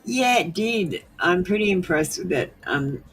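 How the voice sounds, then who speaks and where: A woman's voice: lowish voice, expressive, measured pace, a bit bright, soft background music. An Australian woman hosting a live stream, chatting casually and rambling with frequent ums and laughs.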